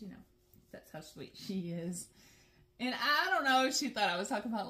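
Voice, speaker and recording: A woman's voice: medium pitch, fairly quick. A middle-aged woman, chatting casually and with animation as the host of her stitching vlog. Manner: chatty and animated, laughs often, says "girl" and "y'all". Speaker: flosstube host.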